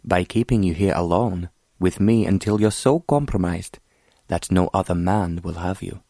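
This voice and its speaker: A man's voice: low-pitched, normal speed, dark tone, no echo, studio quality. A man playing an arrogant scheming prince who speaks coldly and mockingly. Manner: mocking, cold, condescending. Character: cold scheming foreign prince, arrogant villain.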